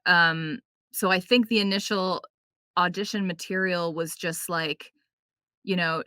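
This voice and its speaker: A woman voice actor, a guest on a podcast, chatting casually and telling quick anecdotes with playful quoted asides and lots of "like" and "um". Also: on the low side, pushed and bright, no echo, clean studio sound. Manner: frequent fillers like "like" and "um".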